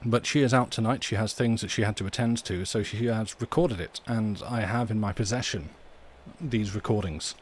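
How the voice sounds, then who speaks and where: A man from the UK, hosting a livestream from home in a soft, rambling, chatty way and reading poetry aloud. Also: lowish voice, moderate pace. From United Kingdom. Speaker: livestream host. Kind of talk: casual livestream chat and poem reading. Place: home room.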